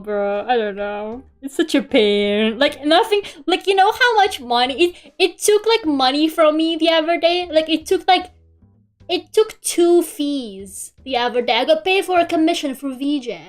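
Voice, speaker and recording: A woman's voice: sits high, normal speed. A young woman chatting casually on a stream while drawing. She grumbles, swears freely and giggles often. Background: faint music.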